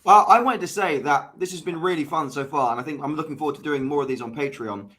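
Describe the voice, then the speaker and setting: Fast-talking man co-hosting. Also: on the high side, crowd noise. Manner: quick, upbeat, thanks viewers. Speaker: improv comedian and co-host. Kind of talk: casual livestream chat.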